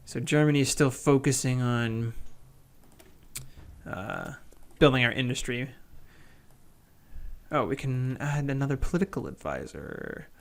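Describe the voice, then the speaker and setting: A man's voice: mid-range voice, animated, unhurried, pauses often. A man giving casual, wry play-by-play commentary on a strategy game he is playing. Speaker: gaming channel host.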